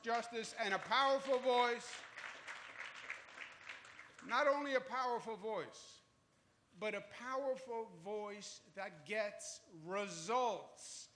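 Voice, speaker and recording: A man's voice: sits high, takes it slowly, bright, forceful tone, a faint crowd, a little hiss or hum. Emphatic New York man giving a speech. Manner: repetitive, emphatic speechmaking with joking asides. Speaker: state governor giving a speech. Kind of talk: public speech at a groundbreaking event. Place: outdoor event in Harlem.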